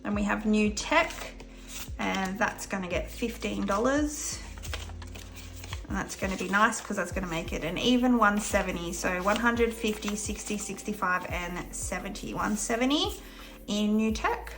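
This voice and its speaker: A woman's voice: medium pitch, lively intonation, moderate pace, music in the background. A young Australian woman with an Australian accent, chatting upbeat in a casual vlog while counting cash aloud. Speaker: budgeting vlogger.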